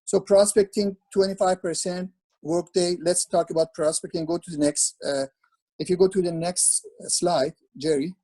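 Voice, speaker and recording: A man's voice: high voice, fairly even intonation, moderate pace, dark tone, poor audio. A man speaking as a webinar presenter over a video call, instructing in an earnest, repetitive way with frequent restarts.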